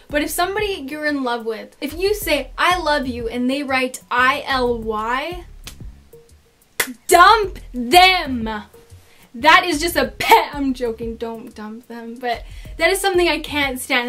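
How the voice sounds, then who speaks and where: In a casual get-to-know-me vlog, a teenage girl shares stories with dramatic flair and plenty of "like" fillers. Her voice sits high and has a fairly bright tone.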